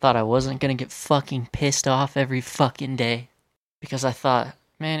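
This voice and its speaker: A man's voice: fairly high pitch, a bit bright, dry recording, clean studio sound. A man hosting his own podcast, ranting in a crude, exasperated way and swearing constantly. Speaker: podcast host. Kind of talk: profane comedic rant.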